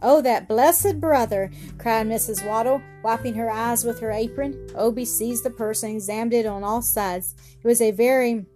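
Female storyteller, fairly high voice, gentle bedtime-story read over faint music. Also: fairly even intonation, moderate pace, few pauses. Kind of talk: children's story narration.

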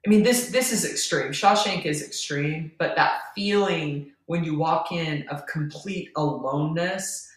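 A middle-aged woman speaks slowly in a deep voice, a podcast guest earnestly sharing a personal story and laughing between lines. The mic is distant and the room sounds roomy.

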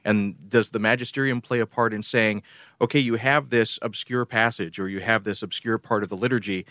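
A man's voice: lowish voice, fairly even intonation, brisk, fairly bright tone, no room sound. A man interviewing a guest, posing long, thoughtful questions.

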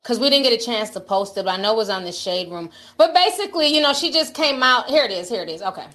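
A woman's voice: fairly high pitch, lively intonation, fast talker, sharp tone. A woman giving candid, chatty commentary to camera, talking straight to her viewers and reading out comments. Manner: reads out social media comments. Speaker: entertainment commentator. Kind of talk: casual talk-to-camera commentary.

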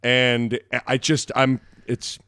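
A man co-hosts a casual sports radio show, his talk rambling and animated, at times erupting into shouted calls. His voice sits at an ordinary middle pitch. The studio sound is dry and close. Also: takes it slowly, clean tone, no room sound.

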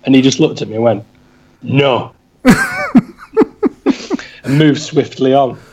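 A man's voice: medium pitch, measured pace, warm tone, breathy edge, low-quality recording. A man, a podcast co-host telling wry, self-deprecating anecdotes in a casual way. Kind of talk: casual storytelling.

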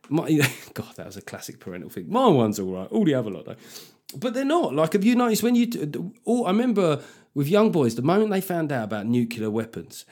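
A man's voice: mid-range voice, darkish tone. A middle-aged man hosting a comedy podcast, talking in a sweary, conversational way. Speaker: podcast host.

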